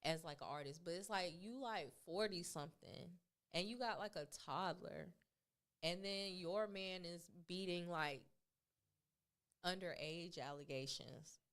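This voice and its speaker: A woman talking as a guest in a casual interview. She tells stories in an animated, slangy way, with lots of filler words and acted-out quotes. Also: on the low side, measured pace. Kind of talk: casual chat.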